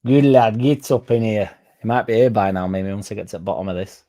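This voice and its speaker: A man hosting a fan livestream, rambling through deadpan jokes and chatting to the chat. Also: on the low side, fast. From Leeds, England. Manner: rambling deadpan joking, dropped articles. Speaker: fan channel livestream host. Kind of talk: casual livestream chat reading the chat.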